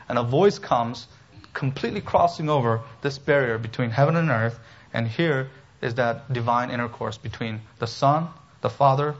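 A man preaching an expository sermon as pastor, emphatic and animated, with humorous asides. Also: mid-range voice, dull audio.

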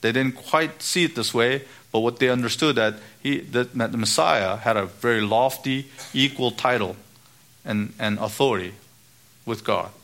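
A man preaching a sermon, emphatic, quoting the scriptures, rising for stress and dropping low on key words. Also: moderate pace, a bit bright. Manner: quotes the scriptures.

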